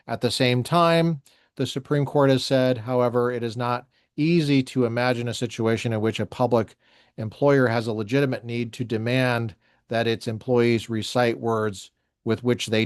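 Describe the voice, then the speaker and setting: A man hosting a solo commentary show, reading a court ruling aloud slowly with short asides and self-corrections. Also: mid-range voice, dry recording, studio quality.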